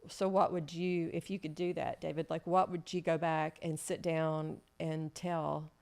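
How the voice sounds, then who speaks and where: Smooth-voiced woman, calm and guiding. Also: deep voice, a little slow. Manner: calm and guiding, poses questions gently. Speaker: yoga teacher and co-guest. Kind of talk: reflective conversation.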